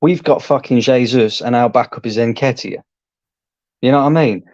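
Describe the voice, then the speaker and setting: A man calmly arguing a point about his football club's squad in casual chat. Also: medium pitch, moderate pace, dry recording, muffled recording. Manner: calm, explanatory, argumentative. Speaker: co-host, football fan.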